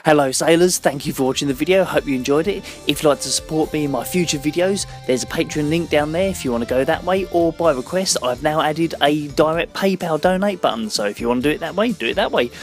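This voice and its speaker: Male narrator, storybook reading, higher-pitched, lively. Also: fast talker, hardly any pauses, soft background music. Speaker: video narrator and channel host.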